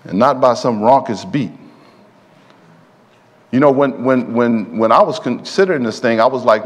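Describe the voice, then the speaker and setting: A man's voice: mid-range voice, animated, normal speed, pauses often. A man preaching a sermon in a church, drawing call-and-response from the congregation. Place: church sanctuary. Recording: long hall reverb in a church.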